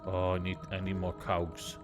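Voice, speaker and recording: A man's voice: sits low, completely flat delivery, moderate pace, over music. A man streaming a game, rambling casually with wry asides. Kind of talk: casual gameplay commentary.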